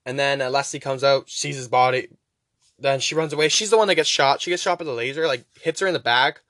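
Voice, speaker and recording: A young man hosting a podcast, casually rambling through a movie recap with profanity and quick voice impressions. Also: mid-range voice, fairly bright tone, no echo. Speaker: podcast host.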